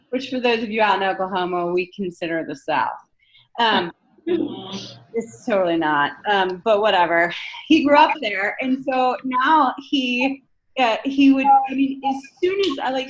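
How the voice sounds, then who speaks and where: A woman's voice: a little high, slight background noise. A woman lecturing a class in a conversational way, often checking in with the room by asking "right?". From northern United States. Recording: dull lo-fi lecture recording.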